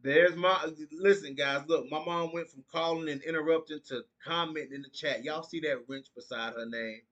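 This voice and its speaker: A man's voice: a little high, steady tone, moderate pace, a bit bright. A man from the United States hosting a podcast live stream, chatting casually and reading viewer comments aloud. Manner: laid-back, reads viewer comments aloud and riffs on them. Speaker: podcast host.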